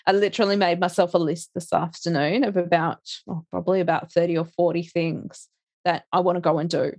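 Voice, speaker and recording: A woman's voice: lowish voice, steady tone, brisk, darkish tone, no echo. A middle-aged woman, chatting casually as an interview guest, laughing often and restarting her sentences. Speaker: interview guest, life coach.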